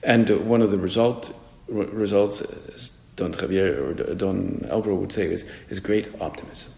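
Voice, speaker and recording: A priest gives a spoken meditation in a low, gravelly voice, musing and conversational, often restarting his phrases. The sound rings with a long hall reverb. Faint music plays behind him. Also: moderate pace, mellow.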